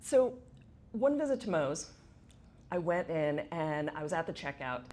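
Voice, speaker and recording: A woman's voice: sits low, sing-song, measured pace, darkish tone. A middle-aged woman giving a conference talk, chatty, asking the audience questions. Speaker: conference speaker. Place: event space with audience.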